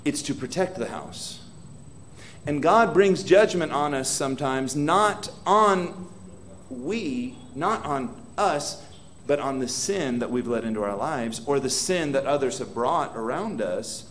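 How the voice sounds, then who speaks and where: A man's voice: medium pitch, animated, slow pace, fairly bright tone, slight background noise. Man preaching a dramatic sermon. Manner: dramatic, voices prayers aloud with rising intensity; asks the congregation questions directly. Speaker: pastor. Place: church hall.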